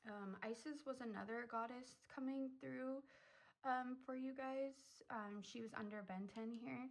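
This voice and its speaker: A woman's voice: a little high, fairly even intonation, measured pace, rough recording. Young woman doing a tarot reading, super chatty, lots of um and like, gets kinda emotional. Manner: chatty, full of "um" and "like", emotional and effusive. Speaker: tarot reader. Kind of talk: casual pick-a-card tarot reading.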